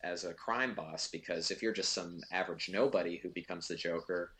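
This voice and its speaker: A man with a very low voice talks his way through a movie commentary track. He rambles, stops and restarts often, and fills the gaps with ums and you-knows. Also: brisk, a bit bright. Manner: rambling, with many fillers and restarts. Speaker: film commentary co-host. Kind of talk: casual film commentary.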